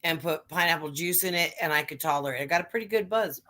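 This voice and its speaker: A woman's voice: low voice, fast, sharp tone. A woman hosting a casual livestream chat, telling rambling stories full of swearing. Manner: profane, rambling storytelling. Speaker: livestream host.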